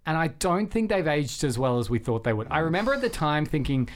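A man with a fairly high, sing-song voice talks quickly as he hosts a casual film podcast. He rambles and puts himself down, filling his speech with fillers and restarts.

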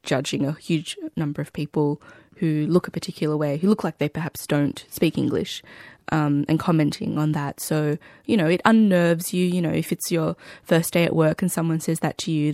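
A woman's voice: low-pitched, steady tone, moderate pace, darkish tone, no echo, studio quality. A woman comedian and writer, a radio interview guest, telling stories in a playful, wry, rambling way. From Australia.

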